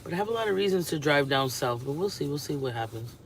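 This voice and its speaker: A man's voice: on the high side, animated, quick pace, a little hiss or hum. A young adult man chatting casually to camera, rambling and thinking aloud as he lists things. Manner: rambling, thinking aloud while listing places. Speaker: vlogger. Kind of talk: casual vlog chat.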